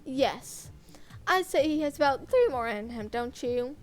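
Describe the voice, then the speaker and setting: A woman voicing a sadistic male captor, taunting and loud while reading a visual novel aloud. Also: high-pitched, lively intonation, unhurried, soft background music. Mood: gloating.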